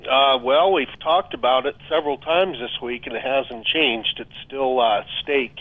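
Man calling in, hesitant, lots of "uh", mid-pitched voice, phone-line sound. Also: unhurried. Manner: hesitant, many fillers like uh and you know. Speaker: financial adviser guest. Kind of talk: talk radio phone-in chat.

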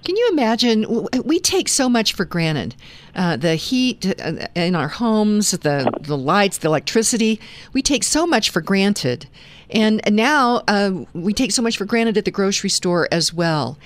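A woman's voice: mid-range voice, big pitch swings, a little slow. A woman hosting a talk radio show, chatting conversationally with fillers and restarts. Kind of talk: conservative talk radio chat.

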